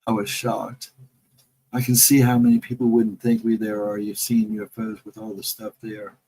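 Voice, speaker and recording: A man with a lowish, husky, dark-toned voice speaks flatly at normal speed over a rough recording. Hosting a casual late-night livestream, he tells rambling folksy stories with restarts and reads out chat comments to answer them.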